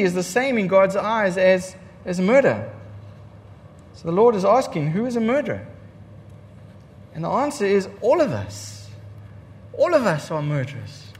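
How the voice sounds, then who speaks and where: A male pastor preaching with a high, very animated voice that climbs and drops sharply for emphasis. He repeats his key lines and throws rhetorical questions at the congregation, and the sound carries a long reverb from a church hall. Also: normal speed. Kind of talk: sermon.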